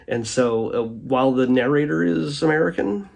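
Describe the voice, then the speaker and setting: Husky man rambling through a review. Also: medium pitch, normal speed, darkish tone. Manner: rambling, many fillers and restarts. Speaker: host reviewing a streaming documentary. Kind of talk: casual spoken commentary.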